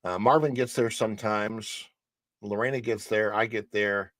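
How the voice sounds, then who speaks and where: A man's voice: on the low side, steady tone, normal speed, a bit bright, dry recording. A man hosting a casual livestream show from a home studio, chatting loosely and answering viewers in the chat. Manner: chatty, rambling, reads the chat aloud.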